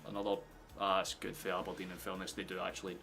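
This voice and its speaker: A man casually commentating a football match live for his stream, chatty, swearing and quick to laugh. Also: low voice, completely flat delivery, vocal fry, sharp tone, faint music behind. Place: home streaming setup with headphones.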